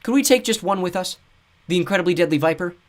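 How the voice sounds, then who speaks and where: A man's voice: high voice, lively intonation, fast talker, pitched above the performer's own voice. A man voicing a resourceful teenage girl who speaks urgently and earnestly. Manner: urgent, pleading.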